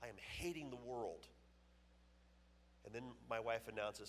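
Man in his fifties, church testimony, emphatic storytelling, mid-pitched voice, long hall reverb. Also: unhurried, long pauses, slight background noise. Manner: emphatic storyteller, acting out quoted dialogue. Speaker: guest speaker at a church. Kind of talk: personal testimony. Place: church auditorium.

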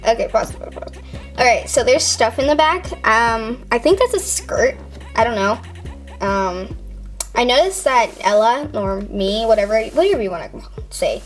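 Young female vlogger, teens, slightly high voice, rambling and giggly, faint music behind. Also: expressive, moderate pace. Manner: giggly, rambling, lots of ums and likes. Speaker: YouTuber. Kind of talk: casual reaction vlog.

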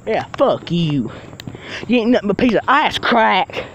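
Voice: mid-range voice, big pitch swings, moderate pace, fairly bright tone, highs cut off, slight background noise. A performer voicing a foul-mouthed, furious male villain who rants and threatens in a fan-made machinima. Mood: raging. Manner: ranting, swearing, threatening.

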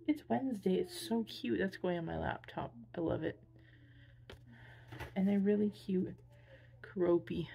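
A tired woman chatting casually while unboxing gifts, gushing with excitable squeals over cute things. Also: fairly low pitch, creaky, slight background noise. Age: adult with a son. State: tired, drained. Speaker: vlogger.

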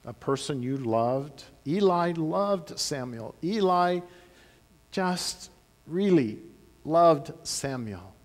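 A man pastor telling a Bible story to children in a church, animated, with big swings in loudness. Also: mid-range voice. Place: church sanctuary. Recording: long church-hall reverb.

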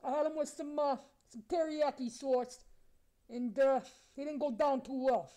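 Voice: sits high, fairly even intonation, normal speed, dark tone, close to an everyday voice. A performer voicing a brash, ugly, razor-toothed male monster who eats people, taunting strangers with crude mock-flirting. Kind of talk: comedy character improv on a video chat.

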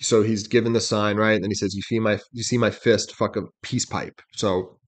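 Low-voiced man breaking down rap lyrics. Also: level tone. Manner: explains lines step by step, often asks "right?" and "you know what I mean?"; reads quoted lyrics slowly and deliberately. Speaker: reaction channel host.

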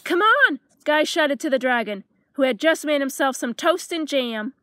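A woman reading a children's storybook aloud with lively, expressive narration. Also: high-pitched, normal speed, dry recording.

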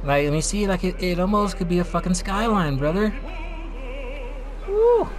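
A young man giving casual gameplay commentary as a streamer, excitable and profane, with yelping outbursts. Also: high voice, fast, over music. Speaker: gaming streamer.

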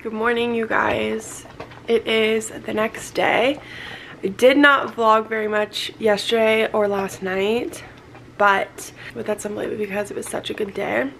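A woman's voice: on the high side, steady tone, measured pace, vocal fry. A woman in her twenties chatting casually and upbeat to her vlog camera from her bedroom at home. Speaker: vlogger. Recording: noisy background.

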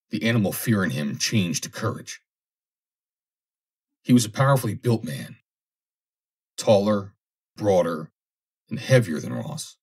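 Man reading an old adventure audiobook, low husky voice, steady and measured. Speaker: audiobook narrator. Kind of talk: scripted narration of a classic adventure story.

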